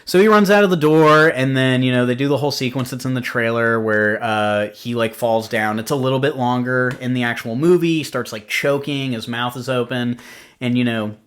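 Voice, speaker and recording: A man's voice: mid-range voice, normal speed, a bit bright, clean tone. A young adult man hosting a podcast, chatting casually through a film recap with lots of filler words and rambling asides. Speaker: podcast host. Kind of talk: casual film review chat.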